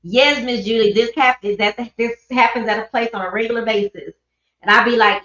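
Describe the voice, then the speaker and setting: Animated woman host telling stories. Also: on the high side, brisk. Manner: animated storyteller, mimics people, laughs often. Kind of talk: casual chat. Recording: echoey, dull livestream audio.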